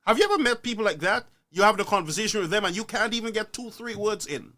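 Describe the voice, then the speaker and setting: A man's voice: high-pitched, expressive, fast talker, pushed and bright. A man, ranting on a live stream, preachy and full of rhetorical questions.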